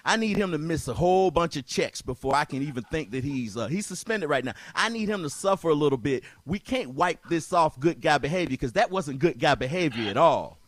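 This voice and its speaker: A man's voice: on the high side, expressive, brisk, hardly any pauses, no echo. A man hosting a talk show, arguing insistently, often repeating himself and talking over his co-host. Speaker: podcast host. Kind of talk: heated debate.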